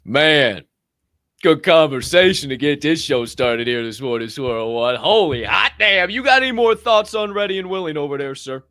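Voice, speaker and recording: A man co-hosting a motivational talk show, talking in an animated, salty way and laughing easily. His voice is a bit high for a man and sounds dry and close. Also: normal speed, dry recording. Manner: animated, profane, laughs often. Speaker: podcast co-host. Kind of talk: casual motivational chat.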